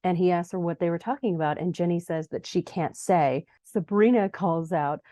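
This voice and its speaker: Chatty woman with a mellow, dry voice. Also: fairly even intonation, normal speed, few pauses, dry recording. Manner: chatty, acts out quoted lines in a higher voice. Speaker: podcast host recapping a TV episode. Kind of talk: casual recap narration.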